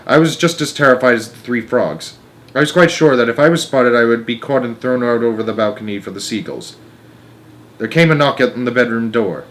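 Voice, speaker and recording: A man reading a children's novel aloud as a storyteller, with lively, dramatic delivery. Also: medium pitch, fairly quick.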